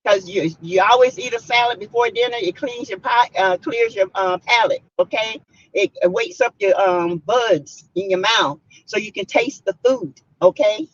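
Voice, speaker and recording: Middle-aged Southern woman, casual live-stream chat, husky, lively pitch, dull lo-fi sound. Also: moderate pace. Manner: emphatic, animated storytelling with loud bursts. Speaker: vlogger reading live chat.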